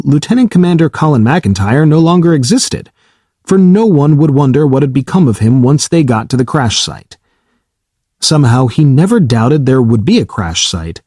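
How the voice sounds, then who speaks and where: A man narrating a science fiction audiobook in a steady, even reading. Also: mid-range voice, breathy edge, no room sound, studio quality. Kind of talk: scripted narration.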